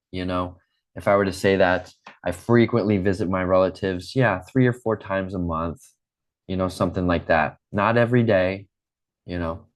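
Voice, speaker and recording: Low-voiced male English teacher, patient and deliberate, leading repetition drills over a video call. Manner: slow, patient, repeats drills for students. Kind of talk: online English lesson.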